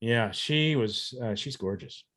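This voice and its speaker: A man's voice: mid-range voice, expressive, unhurried, a bit bright. Chatty, laughing male podcast host. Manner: chatty, rambling, laughs easily. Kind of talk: casual chat.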